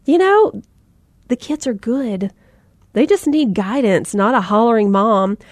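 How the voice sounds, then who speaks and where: A woman's voice: on the high side, animated, a little slow, a little mellow, dry recording, studio quality. A woman in her thirties giving a folksy Christian talk to mothers, in a conversational style with asides and fillers. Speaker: Christian speaker. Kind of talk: faith-based talk to mothers.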